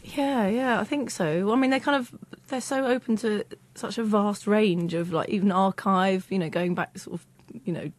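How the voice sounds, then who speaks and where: A woman's voice: mid-range voice, normal speed, few pauses. A woman comedy writer answering interview questions in a chatty way, full of "sort of" and "you know". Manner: chatty, hedging with fillers.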